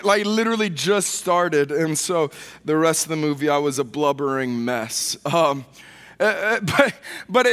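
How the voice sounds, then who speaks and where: Casting: joking male pastor, high voice, church hall. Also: fairly bright tone. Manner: casual, joking, self-deprecating storytelling. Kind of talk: sermon. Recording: long reverb of a large hall.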